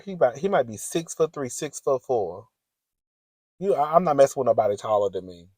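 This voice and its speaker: A man's voice: medium pitch, very animated, brisk, a little mellow, no room sound. Sassy chatty man spilling gossip. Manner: chatty, sassy, giggly, says "girl" a lot. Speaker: vlogger. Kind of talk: casual gossip chat.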